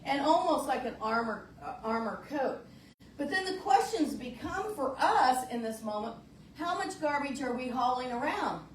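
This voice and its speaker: A woman minister talks her congregation through a lesson in an easygoing, folksy way, circling back and restarting phrases as she goes. Her voice sits a little high and carries through a roomy church, caught by a microphone some distance away with a faint hum behind it. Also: expressive, normal speed. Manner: folksy, searching, repeats words when restarting. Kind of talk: conversational sermon. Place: church sanctuary.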